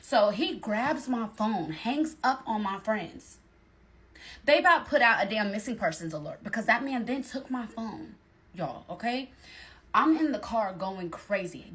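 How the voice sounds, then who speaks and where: A young woman telling a story in a casual, animated, slangy way, speaking straight to her viewers. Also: mid-range voice, unhurried.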